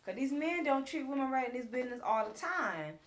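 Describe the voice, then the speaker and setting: Give me a talkative woman co-host with a somewhat high voice, casually recapping reality TV. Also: fairly quick, a little hiss or hum. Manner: chatty, animated, retells scenes at length. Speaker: co-host reviewing a reality show.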